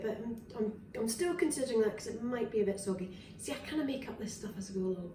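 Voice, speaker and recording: Scottish woman, fairly high-pitched, rambling home-cooking vlog, roomy kitchen with clattering pans. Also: expressive, fast talker, hardly any pauses, far from the mic, background noise. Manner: chatty and rambling, with fillers and restarts. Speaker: wellness vlogger. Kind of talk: casual cooking demonstration. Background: clinks of dishes, cutlery and pans.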